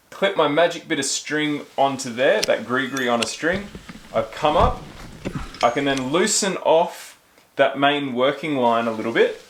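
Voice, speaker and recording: A man's voice: mid-range voice, a bit bright. A man explaining a process step by step at a whiteboard in an enthusiastic, jokey way. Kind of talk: casual explainer. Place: indoors at a whiteboard. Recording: echoey indoor room.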